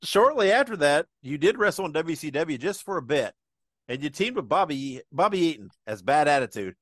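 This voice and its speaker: A man hosting a podcast, asking eager, rapid questions and rephrasing as he goes. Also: a little high, big pitch swings, no room sound, studio quality. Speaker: podcast host. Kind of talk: interview questions.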